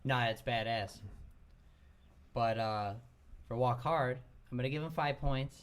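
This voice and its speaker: A man co-hosting a podcast, chatting casually and excitedly about movies, swearing freely. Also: mid-range voice, a little slow, smooth. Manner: excitable, profane, acts out movie scenes. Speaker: podcast co-host. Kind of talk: casual movie-debate chat.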